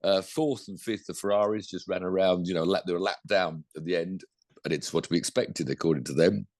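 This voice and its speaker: Casual podcast co-host with a low voice and a dry sound, rambling and self-correcting. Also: male voice, steady tone, brisk, darkish tone, dry recording. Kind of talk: casual motorsport chat.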